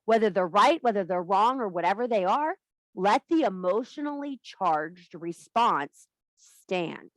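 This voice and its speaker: A woman speaks as a spiritual teacher to a women's circle, her mid-range voice animated yet unhurried on a dry recording. Her talk is impassioned, blunt and profane, delivered as emphatic preaching.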